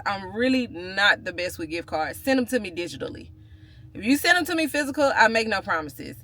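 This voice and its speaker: A woman's voice: medium pitch, expressive, fairly quick, pushed and bright. A woman, chatting casually to her viewers in a vlog, playful and full of slang. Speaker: vlogger. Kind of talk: casual vlog chat to camera.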